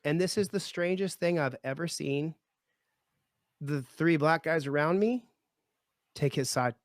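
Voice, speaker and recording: Man, guest, animated storytelling, fairly high voice, dry close sound. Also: measured pace, no room sound. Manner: lively, acts out voices in his stories.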